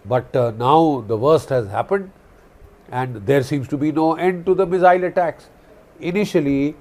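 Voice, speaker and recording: A man's voice: on the high side, a little mellow. A man giving impassioned political commentary, emphatic, repeating key phrases and using frequent fillers.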